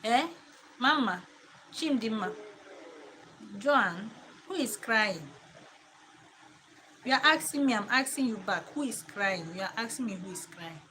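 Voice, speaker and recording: A woman, a mother chatting casually to camera from her living room, reflective and quick to laugh. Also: fairly high pitch, lively intonation, bright, forceful tone, a little hiss or hum, rough recording. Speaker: mother and home vlogger.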